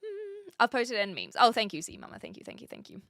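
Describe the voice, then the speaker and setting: A young woman with a New Zealand accent, chatting with her stream and reading out comments, giggly and trailing off into quiet asides. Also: on the high side, huge pitch swings, quick pace, no room sound, clean studio sound. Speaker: livestreamer.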